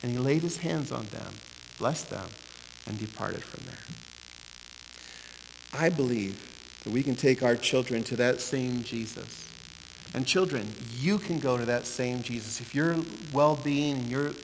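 A man preaching a sermon as pastor, building from steady teaching to impassioned, near-shouted pleading. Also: medium pitch, vocal fry. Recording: echoey hall with faint hiss and hum.

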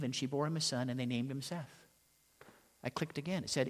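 A man preaching a sermon as pastor, telling stories and asking the congregation rhetorical questions. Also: mid-range voice. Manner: storytelling preacher, rhetorical questions, dramatic pauses. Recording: long hall reverb.

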